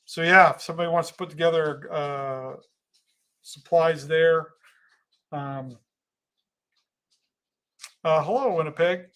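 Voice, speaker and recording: A man hosting a casual livestream, reading viewer comments aloud and talking in an earnest, halting way with frequent restarts. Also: fairly high pitch, steady tone, fairly bright tone. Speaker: livestream host.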